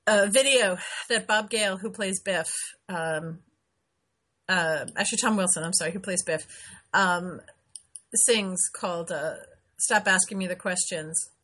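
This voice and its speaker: Breathy-voiced woman hosting a chatty show. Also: fairly low pitch, a little slow, bright, forceful tone. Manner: chatty, rambling, frequent ums and laughs. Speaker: show host. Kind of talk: casual live-stream chat.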